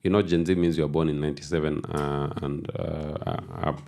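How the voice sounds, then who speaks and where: A man with a very deep, low voice speaks as a guest on a radio talk show. He explains in a measured way and repeats words as he builds each point into a studio microphone. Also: level tone, darkish tone.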